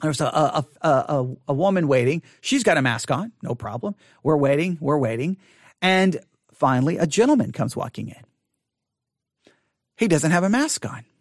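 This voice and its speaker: A middle-aged man telling a story in a casual monologue, animated and acting out what people said, rising toward a shout when exasperated. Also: fairly high pitch, moderate pace, no echo, clean studio sound. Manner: animated, acts out quotes, rises to near shouting when exasperated.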